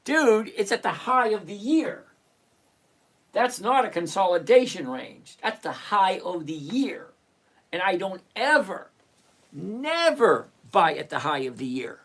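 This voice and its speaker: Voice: mid-range voice, sing-song, slow pace, long pauses. A live-stream host answering viewers' questions in a blunt, repetitive, lecturing way, with mildly profane, exasperated asides. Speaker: stock trading livestream host.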